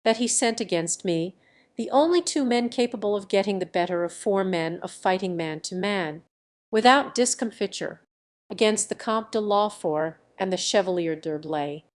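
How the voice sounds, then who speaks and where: A woman reading the lines of a commanding noble duke in an audiobook, in an authoritative, measured tone. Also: expressive, natural voice. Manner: voice of high command.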